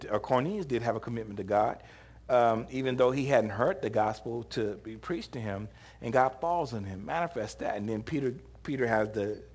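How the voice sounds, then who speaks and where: A man preaching a sermon, retelling scripture in a casual, humorous way and laughing often, with short acted-out quotes. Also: fairly high pitch. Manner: animated, acts out short quoted lines.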